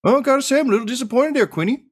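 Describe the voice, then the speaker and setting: A man's voice: very high-pitched, very fast, husky, pitched above the performer's own voice. A man voicing a folksy, affectionate middle-aged farmer father who talks in a rambling, tender way. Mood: teasing.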